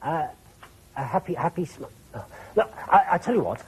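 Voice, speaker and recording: A man's voice: a little high, lively intonation, brisk, a little mellow, slightly rough, rough recording. A man voicing a fussy, anxious male fox photographer in a children's TV puppet play, who stammers when flustered.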